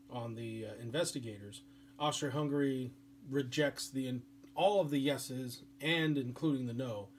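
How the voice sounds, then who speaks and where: A man's voice: medium pitch, moderate pace, a little hiss or hum. A man giving a history lecture as a teacher, speaking in a casual, chatty way with many fillers. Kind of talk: classroom lecture.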